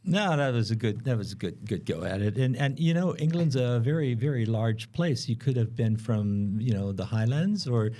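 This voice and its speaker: A man's voice: mid-range voice, lively intonation, moderate pace, few pauses, mellow. A man co-hosting a podcast, explaining in a rambling, hesitant way with many fillers. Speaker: podcast co-host explaining bees. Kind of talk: casual explanatory chat.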